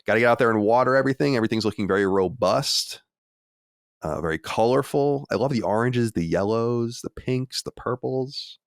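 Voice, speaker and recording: A man's voice: on the low side, creaky, clean tone, no echo. A man hosting a podcast in casual chat, reading listener mail with playful, mock-boastful banter. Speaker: podcast host. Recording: dry close mic.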